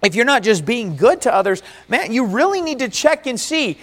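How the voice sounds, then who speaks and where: A man preaching a sermon, earnest, with big swings between loud and quiet. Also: sits high, huge pitch swings, unhurried. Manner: earnest, rises and falls dramatically. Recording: long hall reverb.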